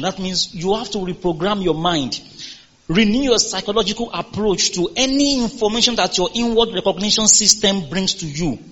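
High-voiced husky preacher delivering a sermon. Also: male voice, a bit bright, dull audio. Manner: emphatic, call-and-response with congregation. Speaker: pastor.

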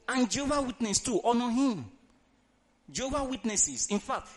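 A male preacher, delivering an emphatic sermon, reading scripture dramatically and urging the congregation to answer out loud. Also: very high voice. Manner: emphatic, calls for congregation responses; reads scripture aloud in a dramatic tone.

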